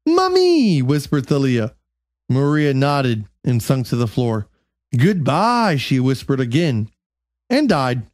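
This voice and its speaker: A host slowly reading a bedtime story aloud in a comic way, stumbling over words and making sarcastic asides. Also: medium pitch, darkish tone, no echo, clean studio sound.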